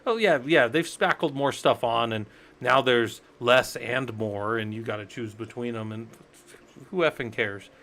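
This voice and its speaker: An American man teaches a live-streamed Linux class, speaking straight to his chat viewers in an unhurried, medium-pitched, slightly bright voice. He's loose and rambling, conversational, and tells stories with acted-out quotes.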